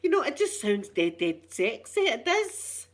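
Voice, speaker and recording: A woman's voice: on the high side, big pitch swings, measured pace. Cheeky rambling Scottish woman. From Scotland. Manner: cheeky, rambling, self-mocking storyteller. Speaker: ASMR channel host. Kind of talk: casual chatty ASMR talk.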